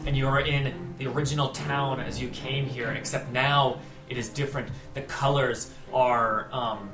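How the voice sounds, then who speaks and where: A man's voice: mid-range voice, fairly even intonation, normal speed, music in the background. A man narrating a tabletop game as game master, describing scenes with many fillers. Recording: echoey room.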